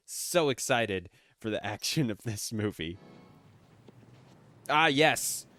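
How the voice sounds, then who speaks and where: A young man giving casual movie commentary, excitable and sarcastic, swearing often. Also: mid-range voice, takes it slowly. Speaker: movie reviewer.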